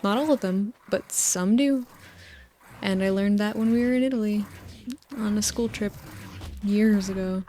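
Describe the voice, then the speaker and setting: Young woman, quiet and meandering, murmuring close to the mic for a sleep video. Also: medium pitch, measured pace, long pauses, slight background noise. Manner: gentle, meandering, with frequent "like" fillers. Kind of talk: soft-spoken sleep rambling over gameplay. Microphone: close microphone.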